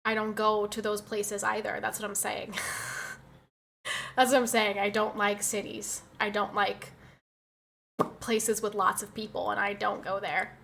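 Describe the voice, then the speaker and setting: Bright-voiced sarcastic woman streamer. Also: medium pitch, level tone, measured pace, creaky, long pauses, a little hiss or hum. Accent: New Jersey. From United States. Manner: sarcastic, blunt and opinionated. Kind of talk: casual chat reading viewer messages.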